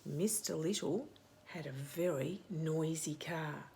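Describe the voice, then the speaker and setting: A woman's voice: medium pitch, lively intonation, a little slow, creaky, darkish tone, a little hiss or hum. A middle-aged woman hosting story time, reading a picture book aloud to children with dramatic whispers and playful sound effects.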